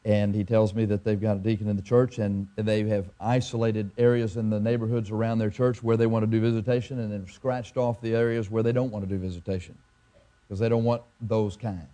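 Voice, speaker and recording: A man preaching a sermon as a pastor, telling a story and pressing his point with emphatic repetition and halting restarts. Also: lowish voice, little pitch movement, dark tone.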